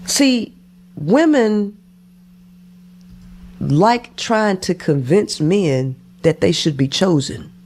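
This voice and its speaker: A man's voice: high voice, expressive, drawn-out words, pauses often, darkish tone, a little hiss or hum. A man giving reaction commentary on dating, preaching and leaning on the word "see" as he lectures.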